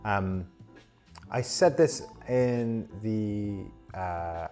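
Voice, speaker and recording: Low-voiced man, hesitant podcast host. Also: drawn-out words, mellow, clear, resonant tone, soft background music. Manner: hesitant, many ums and restarts, explanatory. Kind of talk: casual podcast discussion.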